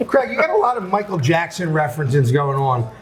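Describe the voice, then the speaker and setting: High, sing-song man over loud crowd. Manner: loud exclamations and quick interjections. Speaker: podcast co-host. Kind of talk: casual chat. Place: restaurant lounge. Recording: loud crowd chatter behind.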